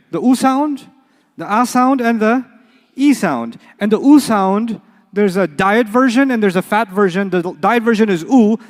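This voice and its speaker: High-voiced man teaching in a hall. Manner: playful, repeats sounds and asks the class questions. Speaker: Arabic teacher. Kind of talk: live classroom lecture. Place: lecture hall with a live class. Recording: lecture hall reverb.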